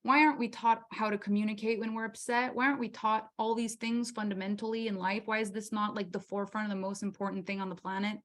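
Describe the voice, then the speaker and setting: A woman's voice: medium pitch, level tone, fast talker, few pauses, a bit bright. A woman with a mid-range voice leads a motivational masterclass. She talks with passion, throws rhetorical questions at her audience and acts out the voices in people's heads. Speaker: masterclass host. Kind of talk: motivational workshop talk.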